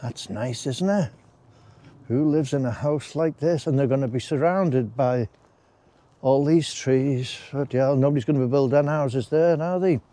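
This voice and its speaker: A man's voice: mid-range voice, normal speed, mellow. A man chatting casually as he walks outdoors through a wooded park, rambling along with friendly asides. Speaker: walking vlogger. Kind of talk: casual walking commentary.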